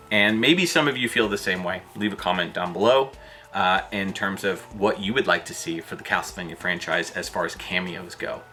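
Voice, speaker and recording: Guy ranting on his gaming channel, bright voice, loose and fed up, pitch shoots way up, faint music behind. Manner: exasperated, with sudden jumps up in pitch; loose, with fillers and restarts. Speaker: video host. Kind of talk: ranting commentary vlog.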